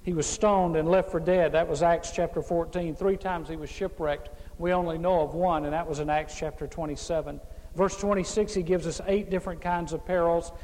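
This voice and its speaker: A man's voice: on the high side, steady tone, brisk, darkish tone, in a large hall, low-quality recording. A man preaching a sermon as a pastor, emphatic, with repeated refrains and touches of humor.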